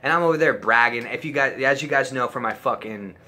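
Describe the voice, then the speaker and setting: A man's voice: medium pitch, brisk, sharp tone. A young man telling a crude, profanity-heavy story in a casual storytime video. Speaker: storytime YouTuber.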